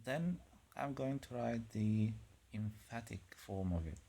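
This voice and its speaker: Slow, patient male language teacher. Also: mid-range voice, lively intonation, gravelly, warm tone. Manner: patient, repeats sounds in drills. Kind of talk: slow, deliberate pronunciation lesson.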